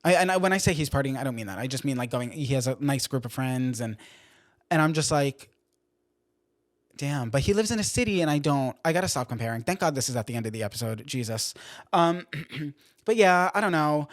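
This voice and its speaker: A man's voice: mid-range voice, expressive, brisk, no echo, studio quality. A young man hosting a podcast, rambling casually with lots of fillers and self-deprecating venting. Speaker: podcast host. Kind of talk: casual chat.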